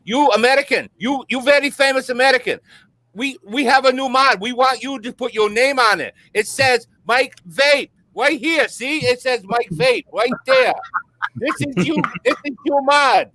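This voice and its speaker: A man's voice: very high voice, normal speed, bright, forceful tone, no room sound, pitched above the performer's own voice, poor audio. A man voicing a pushy overseas salesman who hawks products in broken English.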